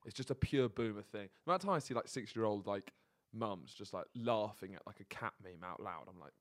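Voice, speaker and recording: A young man with a fairly low voice co-hosts a relaxed comedy chat. He builds mock-serious rants and laughs easily at his own jokes. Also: fairly quick. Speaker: podcast co-host.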